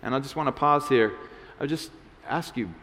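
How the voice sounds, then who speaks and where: A man's voice: medium pitch, normal speed, a bit bright. A male pastor giving a casual, conversational sermon, with many restarts and acted-out quotes. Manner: conversational, many restarts and fillers, acts out voices. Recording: long hall reverb.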